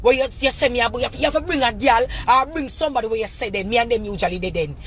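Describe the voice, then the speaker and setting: A Jamaican woman and mother ranting in a callout video, confrontational and repetitive in thick patois, breaking into shouts. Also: a little high, racing. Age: adult mother. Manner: bursts into shouting.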